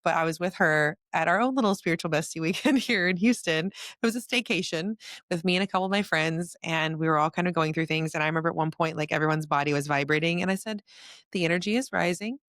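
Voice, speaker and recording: A woman hosting a podcast, telling a personal story in a lively, casual way with frequent laughter. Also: deep voice, fast, no room sound, clean studio sound. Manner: animated storytelling, laughs often. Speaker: podcast host. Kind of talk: casual conversation.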